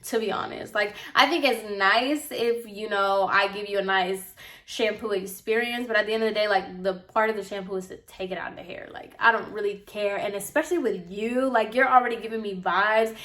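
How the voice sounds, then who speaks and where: A young woman vlogger and apprentice hairstylist telling a casual story, talking fast and loose with lots of "like", sounding exasperated. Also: mid-range voice, steady tone, fairly bright tone. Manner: chatty, exasperated, heavy use of "like".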